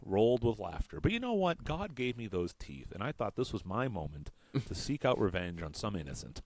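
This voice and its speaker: Lively, rambling comedy podcast host, a man. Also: lowish voice, a little fast. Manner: rambling storyteller, self-mocking. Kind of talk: casual comedy chat.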